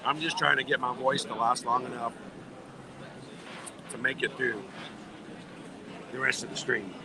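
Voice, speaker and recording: A man's voice: mid-range voice, fairly even intonation, measured pace, gravelly. A man hosting a casual livestream outdoors at a theme park, chatting with viewers while losing his voice. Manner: chatty, thanks viewers for tips. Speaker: livestream host. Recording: noisy outdoor park ambience.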